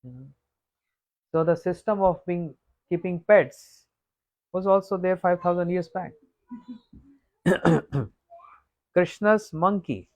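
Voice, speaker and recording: A man telling a devotional story as a monk, unhurried and repetitive, often clearing his throat. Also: high-pitched, a little mellow, lo-fi sound. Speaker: monk giving a scripture talk. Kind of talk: sermon storytelling.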